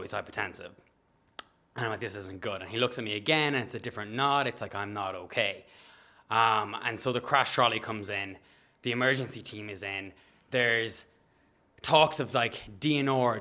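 Animated man telling a story. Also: mid-range voice. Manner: animated, acts out voices, bursts of shouting and laughter. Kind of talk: live storytelling.

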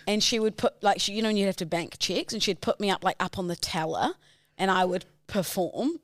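A young woman co-hosting a casual podcast chat, telling childhood stories with lively, loud put-on quotes. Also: mid-range voice, a little fast, no room sound. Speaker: podcast co-host.

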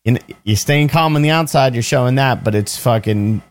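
A man's voice: mid-range voice, normal speed. A man co-hosting a podcast in casual chat, hesitant and full of "like" fillers. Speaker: podcast co-host.

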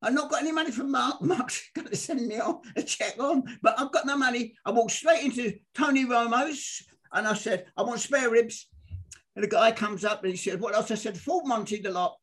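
An older man, a guest sports artist, telling stories in a lively way and acting out the people in them. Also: very high voice, moderate pace, slightly rough. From England. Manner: animated, acts out the people in his stories, repeats himself. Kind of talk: lively anecdotal storytelling.

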